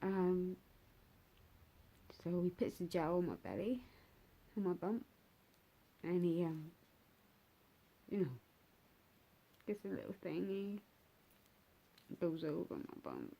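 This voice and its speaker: A young adult woman telling a personal story in a vlog, talking in a halting, hesitant, emotional way with many fillers and restarts. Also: on the low side, sing-song, gravelly, warm tone, slightly rough. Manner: emotional and raw. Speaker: bereaved mother telling her story.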